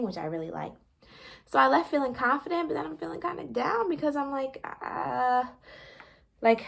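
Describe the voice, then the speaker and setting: A woman's voice: medium pitch, gravelly, a bit bright. A pregnant woman, chatting animatedly with viewers in a casual storytelling vlog and laughing often. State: pregnant, briefly out of breath. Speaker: vlogger.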